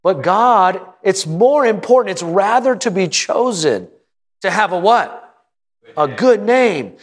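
Folksy preacher man, slightly higher voice. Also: sing-song, takes it slowly. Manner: folksy, joking, asks the congregation questions. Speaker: pastor. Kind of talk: sermon.

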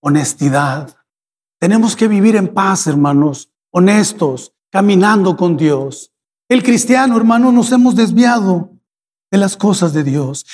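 A middle-aged man with a Spanish accent preaches a fervent bilingual sermon, his voice sitting unusually high. He pleads and repeats his phrases. A long reverb from the church hall trails after his words. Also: animated, normal speed, a little mellow.

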